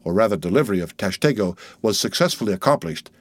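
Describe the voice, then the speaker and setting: A man narrating a classic novel as an audiobook, in a measured, dramatic storytelling manner. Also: fairly low pitch, expressive, no room sound.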